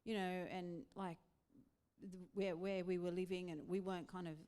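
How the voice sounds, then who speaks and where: A woman with an Australian accent, a pastor's wife, chatting casually in a church interview, animated and laughing often. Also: fairly low pitch, moderate pace.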